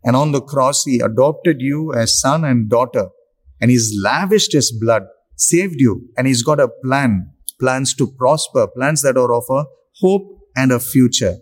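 A man preaching a sermon, slow and emphatic, with long pauses for effect. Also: medium pitch.

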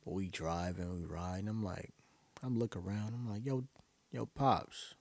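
A young New man with a very low voice, speaking in a dry, close recording. He rambles through a casual monologue, loose and profane, with plenty of filler. He sounds relaxed and conversational. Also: brisk, no echo. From Brooklyn, New York. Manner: loose, profane, rambling storytelling with frequent laughs.

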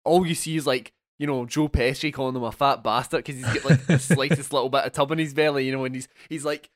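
A young man co-hosting a casual film podcast, animated and swearing freely. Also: mid-range voice, quick pace, no room sound, studio quality. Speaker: podcast co-host.

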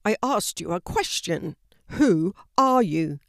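A woman voicing a protective father who speaks in a deep, authoritative way. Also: animated, measured pace, a little mellow, no room sound, clean studio sound. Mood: stern.

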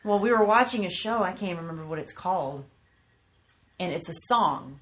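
A slightly low-voiced woman in her thirties tells stories in a casual podcast chat. She talks animatedly and slips into quick voices for the people in her stories. The talk is relaxed and conversational. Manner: animated storyteller, acts out voices in quotes. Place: studio with microphones.

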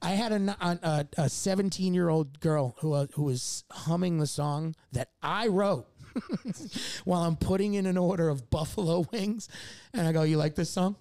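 A man's voice: fairly high pitch, moderate pace, a little mellow, dry recording, studio quality. A man telling a long, rambling story as a podcast guest, swearing often and laughing mid-sentence. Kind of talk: casual storytelling chat.

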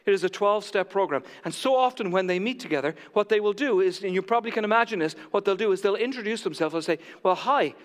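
A man preaching a sermon from the pulpit, moving between loud proclamation and hushed near-whispers. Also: high-pitched, fast, few pauses, long reverb tail. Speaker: pastor. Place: church sanctuary.

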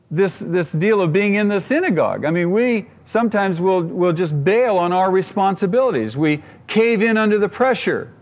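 A man's voice: high-pitched, big-room sound. A man preaching a sermon as pastor, earnest and emphatic, often repeating his phrases.

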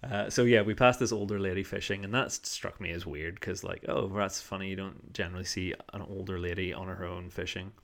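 Rambling man telling a story, low voice. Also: fairly even intonation, a little fast, gravelly, hardly any pauses, fairly bright tone. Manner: rambling, filler-heavy, laughs often. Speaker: podcast host. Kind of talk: casual storytelling monologue. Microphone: studio microphone.

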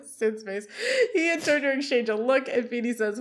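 Female podcast co-host, slightly high voice, brisk casual recap that reads lines aloud.

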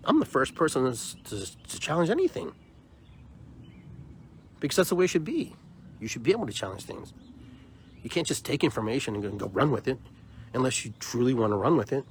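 A man's voice: mid-range voice, big pitch swings, normal speed, long pauses, slight background noise. A man hosting a podcast, delivering an emphatic, opinionated monologue and often repeating words as he builds his point. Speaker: podcast host.

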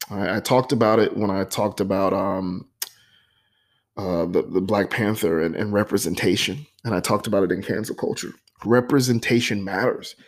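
A young man reading his own poem aloud and then talking about it in an earnest, heartfelt way. He pauses often with ums and becomes openly emotional. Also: lowish voice. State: emotional, voice catching. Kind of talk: personal poetry reading with reflective talk.

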